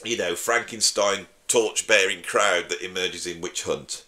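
Bright-voiced drummer chatting. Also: male voice, low voice, unhurried. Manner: chatty, opinionated, jokey. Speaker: YouTube host and drummer. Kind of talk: casual talk to camera.

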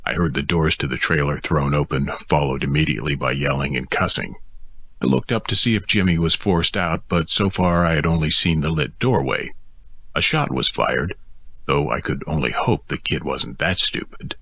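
Very deep, raspy male audiobook narrator. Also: moderate pace, fairly bright tone, no room sound. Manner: gruff, weary first-person telling with rising strain in dialogue. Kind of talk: audiobook narration of a first-person novel.

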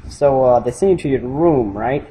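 A man's voice: medium pitch, lively intonation, moderate pace, warm tone, a little hiss or hum, rough recording. A young man giving casual, joking let's-play commentary, rambling and sarcastic. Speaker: gamer commentating a playthrough.

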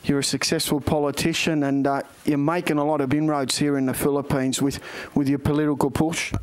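A man hosting a boxing show, asking questions in an energetic, loud way. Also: fairly high pitch, fairly quick, clean tone. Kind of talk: interview.

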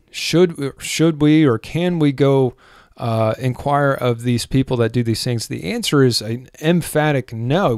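A man teaching from the Bible in an earnest way, reading scripture aloud with pauses and fillers. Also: mid-range voice, dry recording, studio quality.

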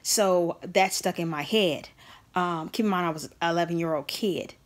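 A woman's voice: fairly low pitch, moderate pace. A woman vlogger talking straight to the camera, telling a personal story in an earnest and emphatic way.

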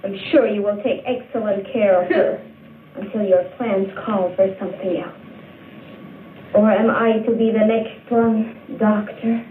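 A woman's voice: medium pitch, fairly even intonation, unhurried, slight background noise, natural voice. An actress playing a defiant young woman held captive, speaking urgently. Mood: bitter. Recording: tinny, echoey old film soundtrack.

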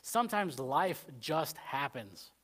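Speaking slowly in a sing-song, somewhat high voice, a pastor gives a Wednesday sermon at church. He meanders conversationally, leans on "you know" fillers, and shifts from emphatic statements to hushed asides.

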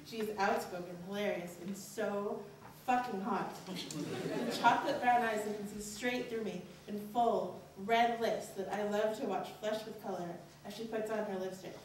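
A woman's voice: steady tone, normal speed, a little hiss or hum. A young woman performing a candid personal story live on a college stage, her voice jumping up on anxious inner questions. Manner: earnest, candid, pitch rises sharply on anxious inner questions. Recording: very echoey hall, voice from far off.

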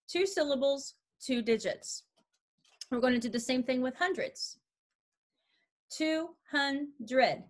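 A woman's voice: on the high side, a bit bright. Encouraging woman teaching math to parents. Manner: clear, encouraging, explains step by step while handling an abacus. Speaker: math curriculum instructor. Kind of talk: instructional walkthrough for parents.

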